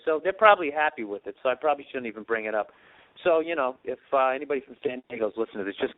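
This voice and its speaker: Man in his late thirties, podcast host, rambling profane storyteller, tinny narrow sound. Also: mid-range voice. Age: 30s. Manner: profane, self-deprecating, animated.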